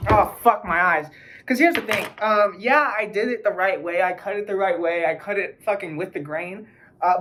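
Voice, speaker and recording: A woman chats her way through a home cooking video, explaining each step. She is blunt and profane and throws in mocking asides. Her pitch sits in a middle range. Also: fairly bright tone. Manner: chatty, explaining while cooking. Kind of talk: casual cooking vlog.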